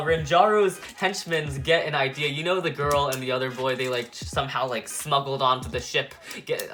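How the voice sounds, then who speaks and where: Young male reviewer, high bright voice, rambling and giggly. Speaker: anime reviewer. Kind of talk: casual review chat.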